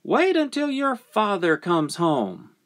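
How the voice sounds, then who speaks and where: A man voicing a strict farm mother, scolding in a high, sing-song voice. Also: very animated, slow.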